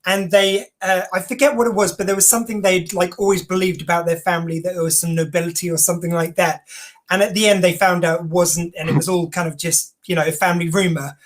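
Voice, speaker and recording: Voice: mid-range voice, flat delivery, fast. An interview host with an English accent, chatting casually and digressing, with many "uh" and "like" fillers. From England.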